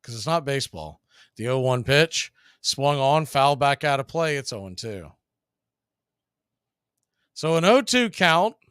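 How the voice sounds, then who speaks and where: Smooth, dry-voiced baseball play-by-play man. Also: very animated, fairly bright tone, dry recording. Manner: partisan home-team calls, brisk pitch-by-pitch delivery. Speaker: radio play-by-play announcer.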